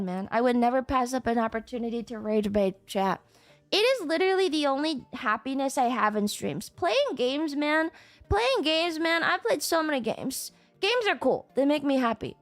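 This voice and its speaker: A woman streaming live, reading out chat messages and ranting back at them, swearing and throwing mock tantrums. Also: sits high. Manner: reads out and reacts to chat messages. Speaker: VTuber streamer.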